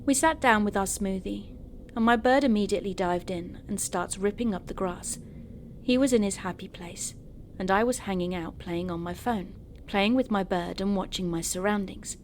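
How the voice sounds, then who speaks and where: A woman narrating true horror stories in a steady first-person storytelling manner. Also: mid-range voice, normal speed, a little hiss or hum.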